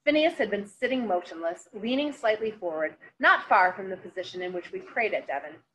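Woman teacher reading a novel aloud, really lively intonation, faint hiss behind. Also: mid-range voice, brisk, poor audio. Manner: expressive read-aloud.

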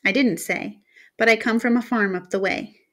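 A woman's voice: a little high, moderate pace, natural voice. A woman voicing an earnest, plain-spoken teenage boy who lives alone in the wilderness.

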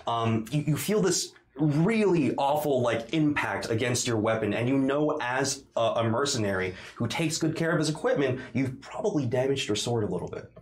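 A man narrating a tabletop game as dungeon master, describing the action in a halting way with many pauses. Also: mid-range voice, animated. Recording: roomy echoey room.

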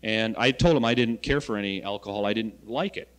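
A man who coordinates school health education, giving an animated lecture to students with loud points and quiet asides. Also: on the low side, a little fast. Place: college lecture hall. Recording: archival 1970 lecture recording in a reverberant hall.

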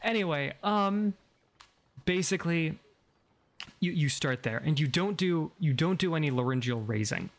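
A woman chatting casually on a livestream, full of ums and restarts. She keeps sliding her voice between a lower, heavier register and a lighter, higher one as she explains voice exercises. Her pitch moves around a lot. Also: expressive, normal speed. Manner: rambling, many fillers and restarts. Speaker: streamer.

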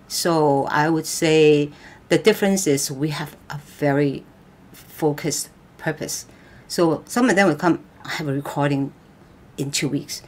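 An older woman, a guest vocal coach, talking in a live-stream interview, halting and repeating words with loose grammar. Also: sits low.

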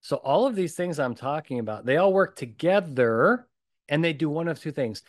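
A man's voice: on the high side, normal speed, no echo, studio quality. Blunt, punchy male podcast host. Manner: emphatic and animated. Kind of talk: solo podcast talk.

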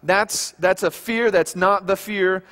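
A man's voice: high-pitched, slow pace, fairly bright tone, long reverb tail. A man preaching a sermon as pastor, talking to his congregation in a conversational way with rhetorical questions. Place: church sanctuary.

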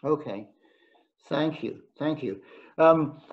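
A man hosts an online book launch and fumbles with fillers and repeated words. His voice sits a little high. The sound is dull and lo-fi. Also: slow pace. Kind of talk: casual event hosting. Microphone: video call.

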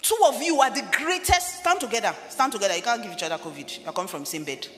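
Woman pastor, lively sermon, chatty asides, long hall reverb, faint music. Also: fairly high pitch, fast. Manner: animated, conversational preaching with asides to the congregation. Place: large church hall.

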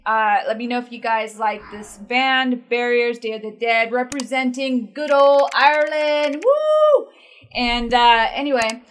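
A woman casually chatting as a metal reaction host, playful and excitable, rambling with lots of fillers. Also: fairly high pitch, a little hiss or hum.

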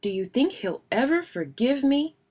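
A woman reading aloud, voicing a meek young boy bear cub in a storybook who talks sheepishly and gently. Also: high-pitched, big pitch swings, moderate pace, husky, voice pushed up, full character voice. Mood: sorry.

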